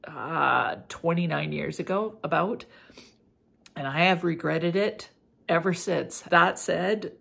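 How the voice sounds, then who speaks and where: A middle-aged woman talks casually and animatedly, peppering her speech with fillers. Her voice sits low, with a husky, gravelly texture. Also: slow pace. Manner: chatty and animated, full of "like" fillers. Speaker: beauty and fragrance vlogger. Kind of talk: casual chat.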